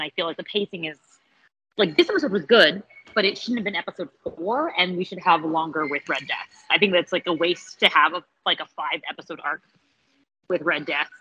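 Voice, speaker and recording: A woman chatting casually about a TV episode, sarcastic and animated, laughing often and acting out quotes. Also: on the low side, slightly rough, highs cut off. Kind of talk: casual TV episode review chat.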